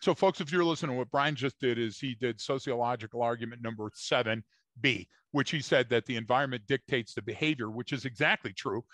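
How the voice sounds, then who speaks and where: A man's voice: medium pitch, brisk, fairly bright tone, dry recording. Emphatic male podcast co-host, dry sound. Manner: emphatic, lecturing, addresses listeners directly. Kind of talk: casual podcast discussion.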